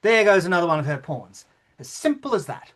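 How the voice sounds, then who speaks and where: A performer acting out a pompous king, bewildered and indignant, who stammers when unsure. The voice moves with lively swings in pitch. It is a rehearsal reading of a stage play. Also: fairly quick. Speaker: actor in rehearsal.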